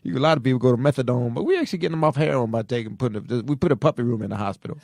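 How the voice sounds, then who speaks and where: A man's voice: medium pitch, lively intonation, racing, a little mellow, no echo, studio quality. A man co-hosting a comedy podcast, riffing in streetwise slang and saying "man" constantly. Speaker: podcast co-host.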